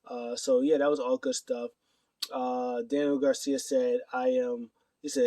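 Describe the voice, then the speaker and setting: A man's voice: medium pitch, flat delivery, moderate pace, dark tone, dry recording, recorded from a distance. A man casually recapping wrestling news to his camera, rambling with many fillers and acting out quotes. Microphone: camera mic.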